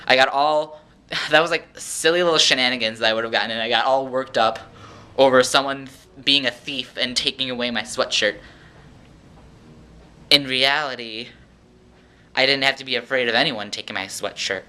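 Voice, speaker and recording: A man telling a rambling, animated story in a casual vlog, acting out the voices of the people in it. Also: mid-range voice, normal speed, long pauses, clean tone. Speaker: vlogger.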